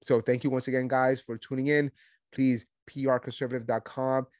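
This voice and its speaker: A man's voice: medium pitch, flat delivery, brisk, a little mellow, no room sound. A man from Puerto Rico hosting a podcast, giving blunt, indignant commentary with self-mocking asides. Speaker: podcast host. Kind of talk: opinionated commentary.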